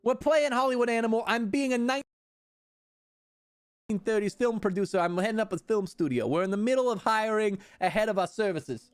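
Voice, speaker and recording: A young man streaming a game live, loud and excitable and swearing freely as he comments. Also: high voice, brisk, clean tone, no room sound, clean studio sound.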